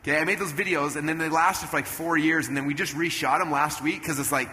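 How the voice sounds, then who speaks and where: A man in his thirties giving an energetic stage talk at a business event, telling animated stories and jumping into loud character voices. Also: fairly high pitch, fast, few pauses. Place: event stage in a large hall. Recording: long hall reverb, faint room noise.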